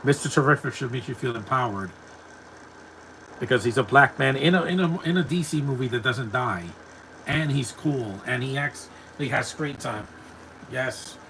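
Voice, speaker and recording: A man's voice: medium pitch, normal speed, a bit bright, rough recording. This is a man with an ordinary mid-range voice talking casually over a film as it plays. He rambles and restarts often, repeating words before he lands on a point. A faint background noise sits under the recording. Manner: rambling, stumbles and repeats words, chuckles to himself. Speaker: movie commentator. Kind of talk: casual live movie commentary.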